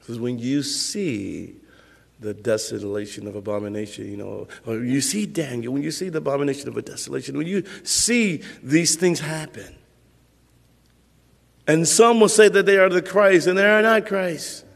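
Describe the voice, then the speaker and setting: A man's voice: fairly high pitch, moderate pace, gravelly, in a large hall. A male pastor preaching a sermon in a conversational way, repeating points for emphasis.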